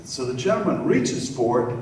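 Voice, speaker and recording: A man's voice: medium pitch, sing-song, normal speed, recorded from a distance, heavy background noise. Older man, heartfelt acceptance speech, storytelling humor, mid-range voice, echoey hall. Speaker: award honoree. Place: large event hall.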